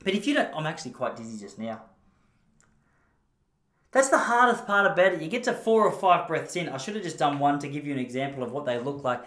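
An Australian man rattles through a rambling, self-deprecating story in a casual monologue. His voice sits a little high and moves quickly, and it bounces around a roomy, echoey space. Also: very animated, a bit bright. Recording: roomy echo.

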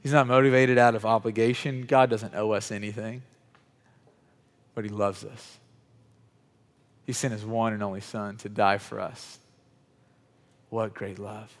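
A man giving a sermon in a conversational way, calling on people in the room by name and building louder on key points. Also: on the low side, flat delivery, measured pace, pauses often. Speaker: pastor. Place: church hall with chairs. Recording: reverberant hall, at times off mic.

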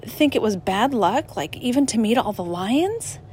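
A woman's voice: a little high, animated, unhurried, darkish tone, slight background noise. A woman voicing a tired, self-pitying orphan boy from a storybook, asking plaintive questions. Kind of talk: reading a storybook aloud.

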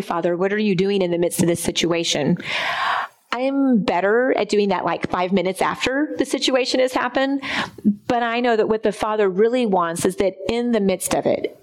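A woman in a faith-sharing discussion, speaking earnestly and reflectively, often pausing to find her words. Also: medium pitch, low-quality recording. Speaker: Bible study participant.

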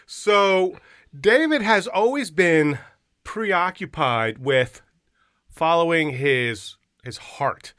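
A male podcast co-host with a bright, forceful voice, full of slang and hype. He banters casually with guests and keeps the energy high. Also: lively intonation, very slow.

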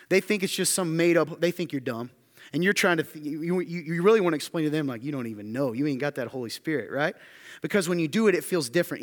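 Preaching man in a reverberant hall. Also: high voice. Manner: animated preaching, rising emphatic questions, drops to quiet asides. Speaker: pastor. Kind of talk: sermon. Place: church hall with audience.

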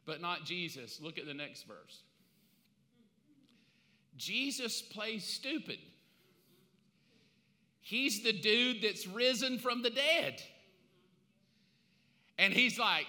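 Bright-voiced man in his fifties preaching. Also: high voice, measured pace, long pauses. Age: 50s. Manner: animated storytelling with slangy asides. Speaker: pastor. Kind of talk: casual conversational sermon. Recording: long reverb of a large hall.

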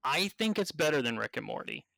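A man hosting a casual podcast chat, enthusiastic and quick to laugh. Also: medium pitch, big pitch swings, creaky, sharp tone, no echo, low-quality recording. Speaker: podcast host.

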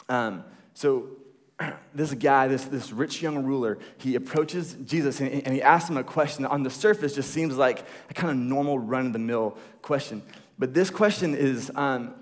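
A young man preaching a sermon in a laid-back, chatty way, with many restarts and asides, often checking in with "right?". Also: medium pitch. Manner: relaxed, chatty, repeats words and restarts, asks "right?". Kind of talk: casual conversational sermon. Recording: long reverb of a hall.

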